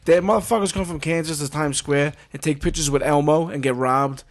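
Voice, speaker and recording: A man's voice: on the high side, steady tone, a little fast. A man hosting a casual podcast chat, opinionated and prodding with questions.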